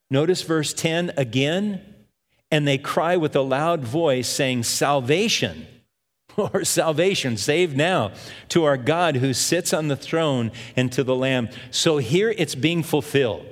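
An older man delivers a sermon, walking through a Bible passage and reading the verses aloud. He takes his time, speaking at a slow, measured pace. His voice rings with the long reverb of a hall. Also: medium pitch. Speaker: pastor.

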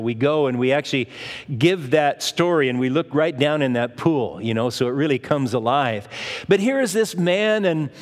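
Man preaching in a reverberant hall. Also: on the high side. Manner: conversational preaching, acts out Bible voices. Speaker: pastor. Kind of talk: sermon.

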